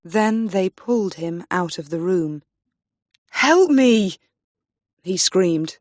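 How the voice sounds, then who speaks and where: A woman teaching English, reading a graded story aloud slowly and clearly for learners. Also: on the low side, darkish tone, no echo, clean studio sound. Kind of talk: slow graded-reader story narration.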